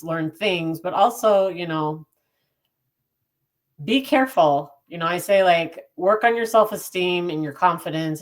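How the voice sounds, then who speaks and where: A woman co-hosting a podcast, talking earnestly in casual chat and laughing easily. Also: low voice. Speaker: podcast co-host.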